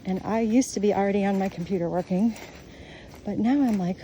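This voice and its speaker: A woman's voice: medium pitch, fast talker, dark tone, highs cut off, slight background noise. A middle-aged woman in a blunt, profane, ranting casual monologue, filmed on her phone while walking outdoors. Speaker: vlogger. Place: outdoors on a nature walk.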